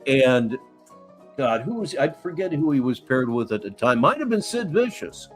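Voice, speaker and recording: A man hosts a live stream and mocks a clip, swearing freely as he goes. His pitch swings in a lively way. Faint music plays behind him. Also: normal speed. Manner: mocking, scornful, swears freely. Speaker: stream host reacting to clips. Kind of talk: profane live-stream commentary.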